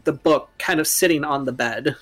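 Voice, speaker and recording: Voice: medium pitch, moderate pace, fairly bright tone. A game master narrating a tabletop game, describing scenes in a loose, filler-heavy ramble.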